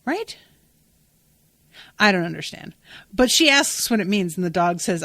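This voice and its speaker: Woman podcast host, casual book recap; animated, exasperated, profane; dry, close mic. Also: on the low side, unhurried, pauses often, no echo. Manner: animated, exasperated, swears freely.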